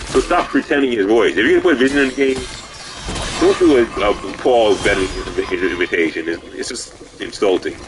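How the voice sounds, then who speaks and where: A man's voice: medium pitch, expressive, fairly quick. A man streaming a video game live, giving profane, rambling commentary as he plays.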